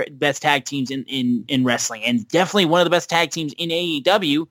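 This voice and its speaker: Bright animated man ranting on a podcast. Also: high voice, dry recording. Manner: animated and profane, recapping and ranting. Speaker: podcast co-host. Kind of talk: casual podcast chat.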